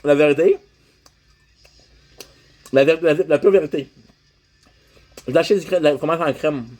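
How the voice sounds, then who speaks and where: A man's voice: on the high side, brisk, a little mellow, faint music behind. A young man with a Québécois accent, chatting casually on a livestream while eating, switching between French and English and greeting viewers.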